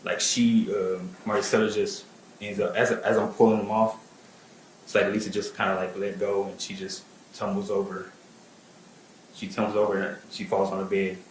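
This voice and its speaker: A man recounting events as a witness, halting, with many fillers and restarts. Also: lowish voice, flat delivery, reverberant, a little hiss or hum, poor audio. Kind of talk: testimony and recounting.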